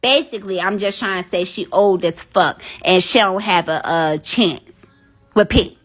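A woman's voice: mid-range voice, normal speed, soft background music. A young woman livestreaming, chatting casually with viewers in a brash, profane, trash-talking manner.

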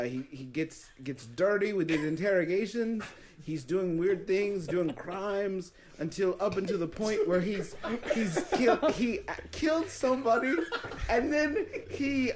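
A man voicing a hesitant male game developer in a put-on generic Eastern European accent, halting with many uh and um sounds. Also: high-pitched, background noise, pitched below the performer's own voice. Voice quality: halting, full of uh and um.

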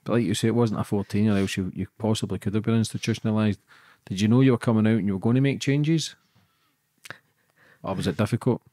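Male podcast host, low mellow voice, brief questions, murmurs while listening. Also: fast. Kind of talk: interview questions.

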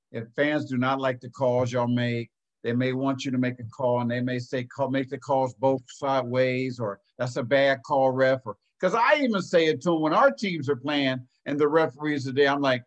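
Earnest folksy man from Ohio. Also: medium pitch. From United States. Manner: folksy, earnest, acts out quoted lines. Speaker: basketball program director and coach. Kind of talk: casual storytelling in a panel talk.

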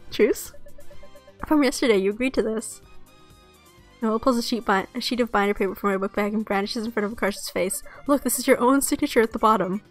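A woman voicing a stubborn, precise teenage schoolgirl who scolds and yells indignantly, with a put-on hoarseness. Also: a little high, lightly acted. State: putting on a hoarse voice for a sick character.

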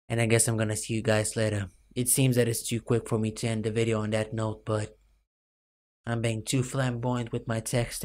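A man's voice: lowish voice, darkish tone. A young man giving rambling, self-mocking commentary over a game late at night, full of fillers, his voice cracking now and then. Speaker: gaming YouTuber.

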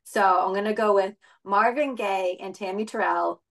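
Woman guest on a pod, mid-pitched, rambly, lots of "like" and "um". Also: moderate pace, creaky. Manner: rambling, many fillers, laughs easily. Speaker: podcast guest. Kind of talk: casual chat.

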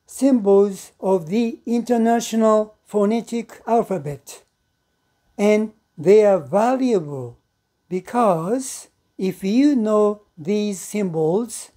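Woman, language teacher, slow careful explanation, mellow tone. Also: medium pitch. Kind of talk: pronunciation lesson.

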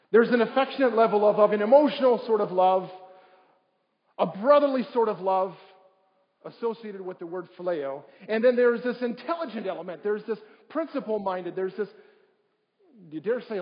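This is a sermon delivered by a man, a pastor whose voice is high, who poses rhetorical questions to the congregation. He is in a church sanctuary, and the livestream sound is dull with plenty of reverb.

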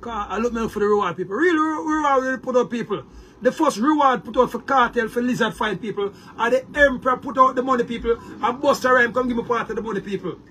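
High-pitched Jamaican man ranting. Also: fast talker, bright, forceful tone, slight background noise. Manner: boastful, heated, addresses viewers as people; repeats words and restarts often. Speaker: online commentator. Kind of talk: ranting monologue to viewers.

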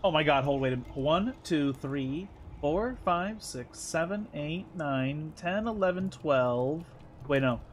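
A man's voice: on the high side, expressive, unhurried, slight background noise. A man streaming a game live, thinking aloud, counting under his breath and swearing when annoyed. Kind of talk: live gaming commentary.

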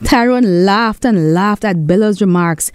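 A woman with a St. reading a children's story aloud in an expressive storytelling voice. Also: medium pitch, a little slow, clean tone, dry recording, studio quality. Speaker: storyteller and author. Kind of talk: storybook narration.

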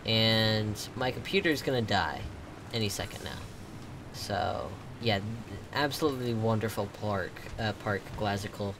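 A young man giving casual game commentary as he reviews players' builds, excitable and gasping, with lots of ums and likes. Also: on the low side, unhurried, background noise.

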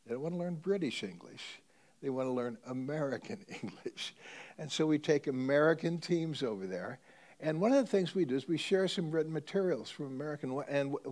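A male pastor telling a story in a sermon, mid-pitched for a man. He swings from loud, stressed phrases to quiet, hushed ones.

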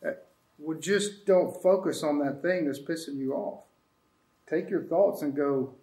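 A man's voice: on the high side, measured pace, dark tone, roomy sound. A man hosting a casual spiritual talk, rambling and reflective in an easygoing way. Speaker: host. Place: sanctuary room with friends.

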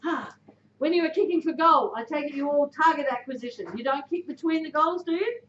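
Speaking a little fast in a high, fairly bright voice, this Australian guest speaker motivates a sports club from a club room before the team. She's direct and emphatic and keeps putting questions to the audience; the echoey, dull recording carries a little hiss or hum.

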